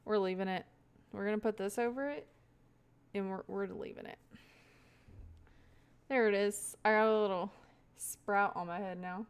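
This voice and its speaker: A woman's voice: mid-range voice, steady tone, moderate pace, long pauses, clear, resonant tone. A young woman livestreaming, rambling casually to her chat with frequent laughs. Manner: chatty, rambling, laughs often, talks to chat.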